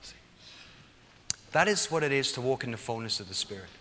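A man preaching a sermon in a church, passionate, repeating words in quick bursts and dropping to a hush at times. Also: mid-range voice, lively intonation, long reverb tail.

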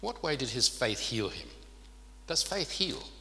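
A man's voice: mid-range voice, very animated, unhurried, sharp tone, a little hiss or hum. Man preaching in an echoing hall. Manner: earnest, asks the listeners rhetorical questions. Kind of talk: sermon. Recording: long reverb of a large hall.

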